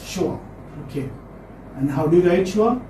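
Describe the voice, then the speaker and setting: A man's voice: sits high, lively intonation, measured pace, background noise. A man teaching phonetics in a class, encouraging his students and repeating key terms. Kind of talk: classroom lecture. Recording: echoey room, far from mic.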